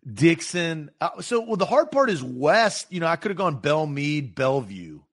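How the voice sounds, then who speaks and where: Fired-up Southern sports podcast co-host. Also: male voice, a little high, sing-song. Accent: slight Southern American. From Nashville area, Tennessee. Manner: quick, heated when irritated. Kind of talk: casual sports talk.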